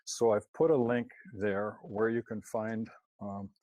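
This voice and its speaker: Guy giving a slide talk, lowish mellow voice, lots of ums and restarts, kinda critical. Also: fairly even intonation, unhurried, no echo. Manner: hesitant, many fillers and restarts; critical, questioning. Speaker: presenter.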